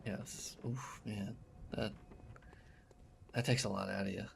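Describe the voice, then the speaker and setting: A man streaming a hard video game live, talking to himself and his chat, excitable and swearing constantly. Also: lowish voice, takes it slowly, vocal fry, background noise. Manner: excitable, swears a lot, talks to himself while playing. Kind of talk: live gameplay commentary. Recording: loud game music behind voice.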